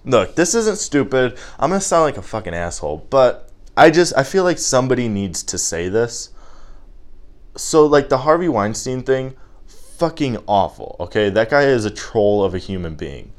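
A man's voice: lowish voice, big pitch swings, moderate pace. A man hosting a podcast, riffing through a profane, self-mocking comedy monologue. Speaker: podcast host.

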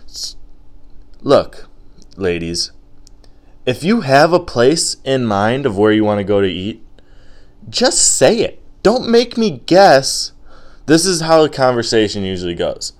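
A man's voice: medium pitch, takes it slowly, long pauses. A man hosting his own podcast, talking into a home microphone in a casual, joking rant and acting out the people he quotes. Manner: animated, joking, acts out quoted voices. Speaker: solo podcast host. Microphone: home microphone wrapped in cotton.

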